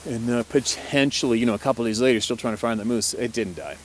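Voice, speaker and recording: A man, a hunting guide, telling a story in a relaxed, chatty way, laughing often and swearing mildly. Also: mid-range voice, fast talker, slight background noise. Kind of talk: casual storytelling to camera.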